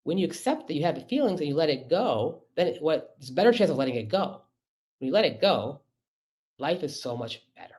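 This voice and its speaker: A man's voice: a little high, sing-song, a little fast, darkish tone. A middle-aged man, a physician, giving a conversational webinar talk over a computer mic, emphatic and often checking in with rhetorical questions.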